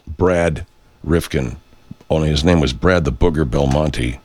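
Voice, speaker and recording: A male radio host with a very low voice talks off the cuff. He wanders from point to point, restarts often and drops casual profanity. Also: a little mellow. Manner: meandering, self-interrupting, swears freely. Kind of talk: rambling casual monologue.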